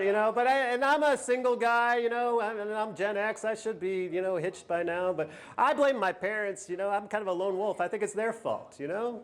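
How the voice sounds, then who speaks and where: A man performing a standup routine, sardonic and self-deprecating, firing off rhetorical questions. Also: high-pitched. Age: 40s. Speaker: standup comedian. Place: live comedy venue with audience. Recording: live club recording, audience laughter. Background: crowd laughter.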